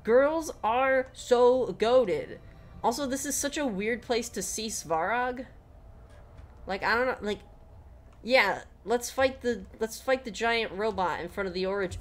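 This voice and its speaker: A woman's voice: medium pitch, unhurried, pauses often, a bit bright, slight background noise. A young woman streaming a video game, chatting candidly and rambling as she answers her chat, swearing freely. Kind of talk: casual gameplay stream chat.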